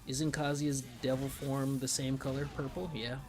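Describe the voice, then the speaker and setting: A man casually reacting to a game trailer, slangy and excitable, often breaking into laughter. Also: mid-range voice, normal speed. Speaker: gaming streamer reacting to a trailer.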